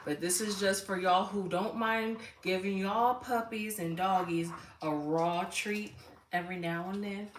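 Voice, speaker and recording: A woman's voice: medium pitch, steady tone, measured pace, far from the mic. Chatty older woman in an echoey room. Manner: chatty, talks straight to viewers. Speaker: livestream host. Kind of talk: casual livestream chat. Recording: echoey room, voice off-mic, faint noise.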